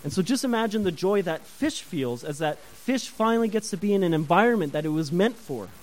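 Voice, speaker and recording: A man preaching a sermon to a congregation, animated, often asking the listeners questions and chatting with them. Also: high voice, fairly quick, rough recording. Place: church before a congregation.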